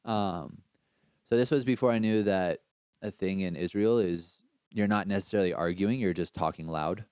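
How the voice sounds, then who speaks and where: A man in casual conversation recounts a story with lively, slang-heavy energy and plenty of swearing. His voice sits a little low and sounds smooth and resonant. The recording is dry and close, with no room sound. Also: moderate pace, no echo. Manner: animated, slangy, swears freely. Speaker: podcast guest.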